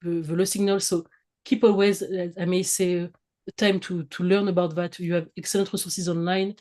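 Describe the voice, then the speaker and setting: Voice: mid-range voice, flat delivery, a little fast, darkish tone. A guest with a French accent giving advice over a video call, hesitant, with many fillers and restarts. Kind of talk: casual advice in a video interview.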